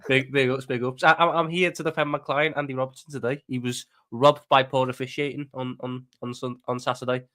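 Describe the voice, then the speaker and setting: A man's voice: medium pitch, little pitch movement, brisk, hardly any pauses, a bit bright. A man with a Scouse accent, a guest on a football chat, stammering through a mock-lawyerly defence. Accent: Liverpool Scouse. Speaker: guest pundit. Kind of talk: casual football debate.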